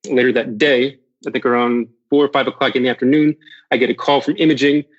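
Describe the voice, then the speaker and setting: Male podcast guest, average pitch, candid storyteller, swears, restarts lines, muffled lo-fi sound. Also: fairly even intonation, quick pace. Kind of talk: recounting a personal near-death story.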